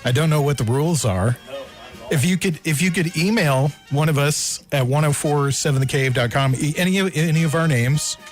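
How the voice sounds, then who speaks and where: A man's voice: fairly high pitch, normal speed, faint music behind. A man co-hosting a sports radio show, talking casually and rambling as he thinks aloud. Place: radio studio.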